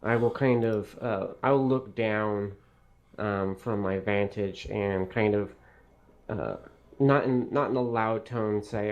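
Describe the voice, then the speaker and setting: A man's voice: lowish voice, slow pace, darkish tone, dull audio. A man playing a tabletop game, describing his moves hesitantly with many fillers. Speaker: player.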